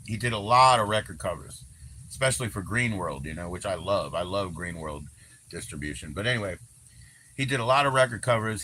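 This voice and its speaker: A man's voice: fairly low pitch, bright, forceful tone, slight background noise. A man hosting a livestream, chatting loosely with lots of swearing, fillers and laughter. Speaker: livestream host. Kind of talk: casual rambling livestream chat.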